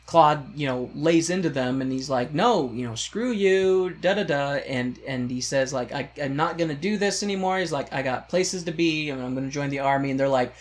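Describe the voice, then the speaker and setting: A man's voice: fairly high pitch, normal speed, hardly any pauses. A man co-hosting a podcast in casual chat, retelling film scenes and acting out the characters' lines. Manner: animated retelling, acts out quoted lines. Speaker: podcast co-host.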